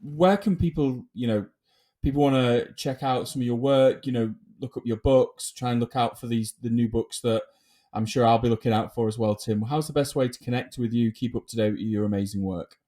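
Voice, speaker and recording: A man's voice: medium pitch, fairly quick. A man hosting a podcast interview, speaking enthusiastically as he wraps up with his guest. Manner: enthusiastic, warm praise of guest. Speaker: podcast host. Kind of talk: interview chat.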